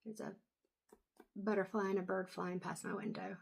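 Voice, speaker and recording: A woman doing an intuitive reading, talking to camera in a soft, halting way with many pauses and low energy. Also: little pitch movement, gravelly. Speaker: intuitive reader. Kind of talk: casual talk to camera.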